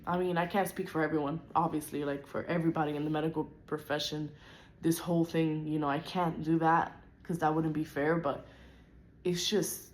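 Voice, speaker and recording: A woman's voice: deep voice, flat delivery, normal speed, a little hiss or hum. A young woman vlogging a frustrated personal rant, upset and close to tears, with lots of "like" in her talk. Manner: frustrated, venting, heavy use of "like".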